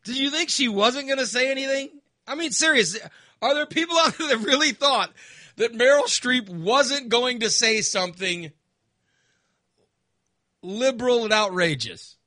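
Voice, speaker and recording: A man's voice: very high voice, animated, moderate pace, pushed and bright, no room sound, studio quality. A man ranting casually, exasperated and sarcastic, sounding fired up. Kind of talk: casual opinion rant.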